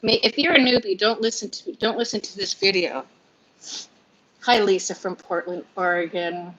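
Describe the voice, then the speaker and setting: A woman's voice: mid-range voice, normal speed, a bit bright, slight background noise. A woman in her fifties chatting on a livestream from home, scattered and confiding, laughing through sadness. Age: 50s. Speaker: vlogger hosting a livestream. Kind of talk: rambling emotional livestream chat. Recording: lo-fi livestream audio.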